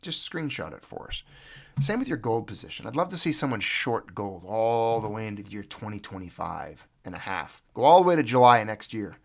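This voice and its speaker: A man's voice: lowish voice, sing-song, brisk, creaky, few pauses. A man hosting a casual livestream, talking in a sarcastic, rambling way and mocking other people's panic. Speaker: livestream host.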